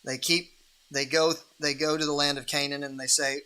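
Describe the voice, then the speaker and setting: A man's voice: a little high, flat delivery, fairly quick, sharp tone, clean tone. A man hosting a livestream Bible reading in a casual, rambling way, with many restarts and fillers.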